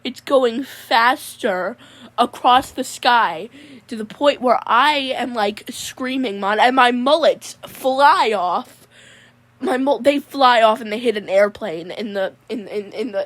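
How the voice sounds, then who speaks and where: A woman's voice: a little high, a little slow. Woman doing a goofy mullet dude, drawly and rambling, keeps going "mon", comedy character voice. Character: goofy laid-back young guy with a mullet.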